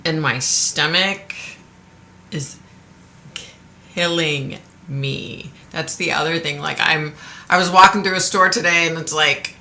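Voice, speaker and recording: A woman's voice: lowish voice, a little slow, pushed and bright, a little hiss or hum. A woman hosting a live stream from home, chatting frankly with viewers and swearing casually. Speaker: livestream host.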